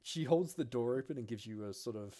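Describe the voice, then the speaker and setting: A man narrating a tabletop game as game master, in a steady, descriptive way. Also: medium pitch, a little fast.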